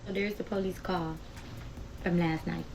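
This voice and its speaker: A woman's voice: fairly low pitch, fairly even intonation, moderate pace, vocal fry, a little mellow, a little hiss or hum, poor audio. A young adult woman telling a heated story to her viewers in a casual, emotional vlog style, talking straight to them as y'all. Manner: chatty, addresses viewers as y'all. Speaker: storytime vlogger.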